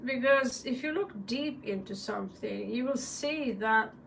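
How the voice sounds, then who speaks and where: A woman's voice: a little high, unhurried, vocal fry, fairly bright tone. A woman with a Norwegian accent giving a casual live tarot reading, chatty and joking, with blunt swearing. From Norway. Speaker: tarot reader. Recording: distant mic with faint background noise.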